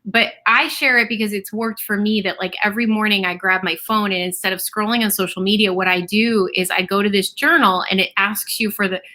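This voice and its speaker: A woman's voice: medium pitch, steady tone, brisk, hardly any pauses. A woman hosting an interview, talking in a chatty, fluent way with frequent fillers. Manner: warm, chatty, fluent, many fillers like "you know". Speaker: interview host. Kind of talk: conversational interview.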